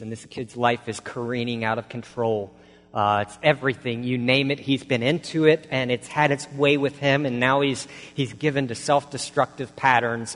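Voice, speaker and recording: A man preaching a sermon, asking the congregation rhetorical questions and swinging from hushed lines to loud, urgent ones. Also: medium pitch. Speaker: pastor. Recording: long hall reverb.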